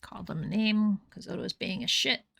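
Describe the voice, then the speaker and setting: A woman's voice: mid-range voice, normal speed, creaky, a bit bright. A woman streaming a game live, chatting casually and breaking off to scold and coo at her cats.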